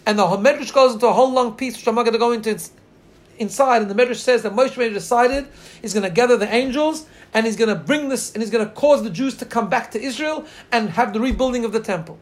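A man giving a Torah class, telling a midrash with earnest storytelling and pausing to look up the text on a shared screen. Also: extremely high pitch. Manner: earnest storytelling, slow drawn-out quotes. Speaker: Torah teacher.

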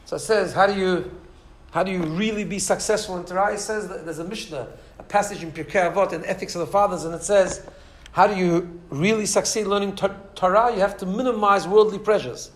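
A man's voice: high-pitched, a little fast, hardly any pauses. A man teaching a Torah class in an informal way, telling stories with lots of restarts and asides to a small audience. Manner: animated storyteller, many restarts and asides.

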